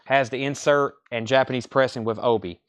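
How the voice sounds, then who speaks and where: A man hosting a live online record sale, reeling off album titles, condition grades and prices in a brisk seller's patter. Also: mid-range voice, fairly even intonation, a bit bright, clear, resonant tone. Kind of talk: live online sales stream.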